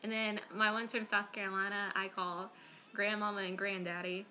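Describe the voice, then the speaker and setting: A woman's voice: medium pitch, level tone, moderate pace, pushed and bright, a little hiss or hum. A woman from Florida chatting casually to camera in a rambling, self-deprecating way, full of "um" and "like.". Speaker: vlogger.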